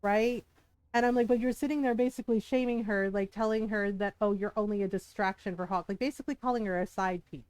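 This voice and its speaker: A woman's voice: medium pitch, steady tone, quick pace, darkish tone, clear, resonant tone, no room sound. Fired-up swearing woman streamer. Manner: heated, swearing rant with frequent laughs. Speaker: game streamer. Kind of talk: casual livestream chat.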